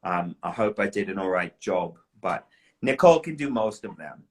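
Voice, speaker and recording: A young adult man, an actor and dialect coach, chatting in a relaxed, playful way on a live video stream. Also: deep voice, normal speed. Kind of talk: casual live-stream chat. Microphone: phone on a live video stream.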